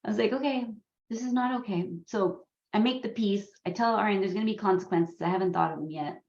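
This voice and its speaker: A woman's voice: medium pitch, quick pace, vocal fry. A woman leading a coparenting course, telling a story about her sons and acting out their voices. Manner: animated, acts out her kids' voices with laughs. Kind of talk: storytelling to a class. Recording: roomy, dull lo-fi sound.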